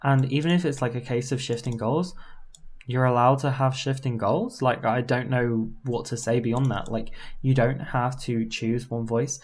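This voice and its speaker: A woman voice coach giving a casual, informal lesson, often tagging her points with a quick question and trying out demonstration voices. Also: very deep voice. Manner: relaxed and informal, with frequent fillers and tag questions.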